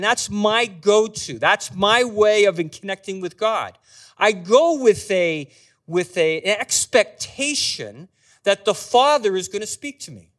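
A man giving a talk as a guest speaker, earnestly guiding a small group through a slow, meditative scripture reading. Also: sits high, a bit bright. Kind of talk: sermon with guided scripture reading. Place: meeting room with a small group.

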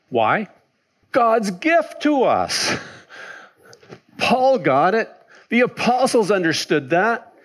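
A man preaching a sermon as a pastor, animated, asking and answering his own questions, swinging between loud exclaiming and soft musing. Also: high voice.

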